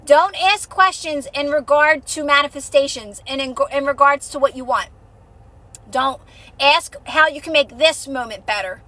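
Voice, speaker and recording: A woman's voice: sits high, moderate pace, sharp tone. A young adult woman hosting a casual livestream chat on a phone mic, talking to viewers in a chatty, reassuring way with many fillers and repeats. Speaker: livestream host, manifestation coach.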